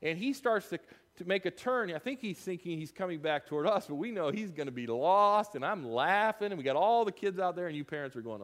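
A man preaching a sermon, telling a story to his congregation, with loud bursts and hushed asides. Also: high voice, lively intonation, a little fast, long reverb tail. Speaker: pastor. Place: church sanctuary.

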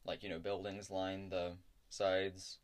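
A man's voice: low voice, monotone, takes it slowly. A man narrating a tabletop role-playing game as game master, hesitant, with many fillers.

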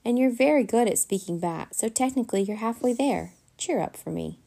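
A woman voicing a cheerful, bossy little male pet bat with a squeaky, coaxing manner. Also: expressive, a little fast, vocal fry, warm tone. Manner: encouraging, coaxing.

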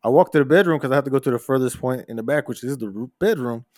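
A man's voice: mid-range voice, very fast, dry recording. Male podcast co-host, casual swearing storyteller, mid-range voice, dry close sound. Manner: profane, animated storyteller. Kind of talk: casual chat.

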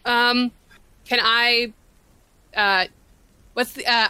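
A woman with a bright, sharp tone, unsure of the rules and apologizing as she asks. Her voice comes through dry and close on a call mic. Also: medium pitch, fairly even intonation, normal speed, no echo. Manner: hesitant, apologetic, lots of ums. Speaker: player. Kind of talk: casual game chat. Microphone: video call.

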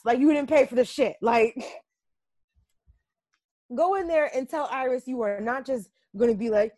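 A woman co-hosting a podcast in casual chat, animated and acting out quotes in voices. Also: sits high, normal speed, pauses often, dry recording. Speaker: podcast co-host.

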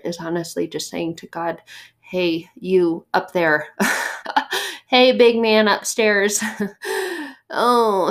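A woman's voice: fairly low pitch, a little mellow. A woman hosting a faith podcast, giving an earnest, conversational devotional talk with light laughs and repeated phrases for emphasis.

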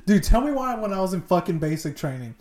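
A man's voice: high voice, big pitch swings, quick pace, darkish tone, roomy sound. A man hosting a casual podcast from a dim room in his old house, joking crudely and swearing freely. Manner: profane, jokey, tells army stories. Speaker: podcast host.

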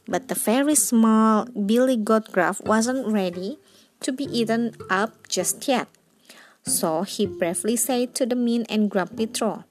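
A woman reading a bedtime story aloud as storyteller, gentle and steady. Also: on the high side, a little slow.

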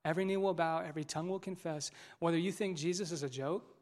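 A man preaching a sermon as lead pastor, swinging from loud emphasis to near whispers and calling on the congregation to answer back. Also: on the high side, fairly even intonation, quick pace. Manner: asks congregation to call back responses.

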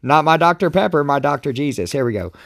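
A man's voice: a little high, lively intonation, fast, vocal fry, no room sound. A man casually reading Bible verses and commenting, rambling and joking, often stumbling over words. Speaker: devotional vlogger.

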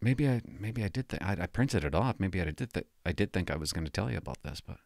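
A man's voice: low voice, animated, quick pace, vocal fry, darkish tone. Rambling man telling a story. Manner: rambling, self-interrupting, laughs at his own story. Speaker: former police cadet telling stories. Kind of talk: casual storytelling monologue.

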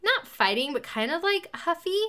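Bright-voiced woman telling a story. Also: very high voice, normal speed. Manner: animated, acts out both sides of a conversation. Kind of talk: casual chat.

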